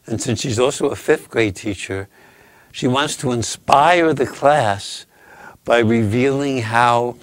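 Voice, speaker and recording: A male host spins riddles at a very slow, drawn-out pace, teasing his guest with affection. His voice sits at an ordinary pitch and is recorded close and dry, with no room sound. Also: dry recording. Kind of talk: casual chat, storytelling riddles.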